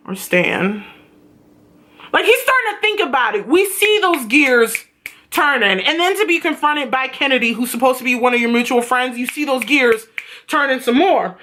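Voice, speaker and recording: A woman recapping a TV episode in a casual vlog, excitable and swearing freely, her voice jumping higher when she gets worked up. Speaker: TV show reviewer.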